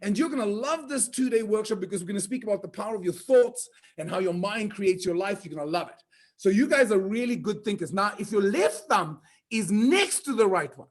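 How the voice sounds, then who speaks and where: High-voiced upbeat man. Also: animated, a little fast. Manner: playful, teasing, upbeat, reads out names. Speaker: conference host. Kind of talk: energetic virtual event hosting.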